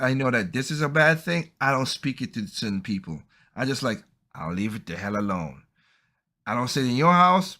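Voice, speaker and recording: A man's voice: mid-range voice, sharp tone. A man hosting a podcast, talking casually in a rambling, opinionated way. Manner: rambling, opinionated, acts out quoted people. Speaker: podcast host.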